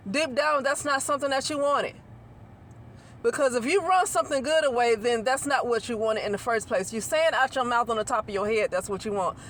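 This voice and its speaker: A woman delivers a loose, unscripted spiritual talk to her channel's viewers. She rambles, restarts sentences and repeats herself, often checking in with a quick "okay?" Faint noise sits in the background. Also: fairly high pitch, a bit bright. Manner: rambling, repeats and restarts phrases, asks listeners to agree. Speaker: channel host. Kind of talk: casual spiritual monologue to camera.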